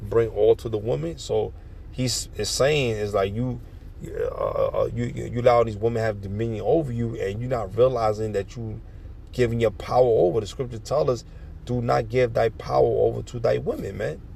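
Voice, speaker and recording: A man's voice: mid-range voice, normal speed, gravelly, mellow, a little hiss or hum. A man reading scripture verse by verse and explaining it in slangy, profane street talk. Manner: reads verses then riffs in slangy, profane commentary. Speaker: street preacher.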